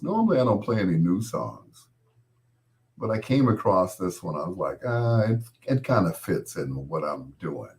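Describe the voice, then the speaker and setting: A man's voice: sits low, big pitch swings, moderate pace. A man working as a late-night radio DJ, chatting in a laid-back, storytelling way with casual slang.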